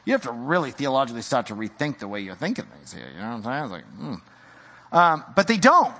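A man preaching a sermon in a casual, animated way, slipping into slang and acting out the people in the story. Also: mid-range voice, quick pace, big-room sound. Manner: animated, casual slang, acts out quoted voices. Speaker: pastor.

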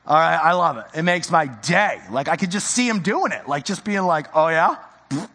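A man preaching with a high, bright voice that leaps up and down as he acts out the people in the story. He talks in a loose, slangy way, and the sound carries a long reverb from a hall. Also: brisk, breathy edge. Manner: animated, casual slang, acts out quoted voices. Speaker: pastor. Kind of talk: sermon.

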